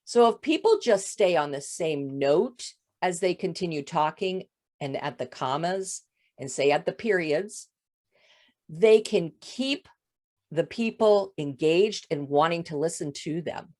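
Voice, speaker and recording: A woman voice coach with a touch of vocal fry, explaining voice habits in an interview. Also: fairly low pitch, expressive, unhurried, a little mellow. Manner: explanatory, demonstrates voice faults. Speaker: voice coach guest. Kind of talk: interview answers.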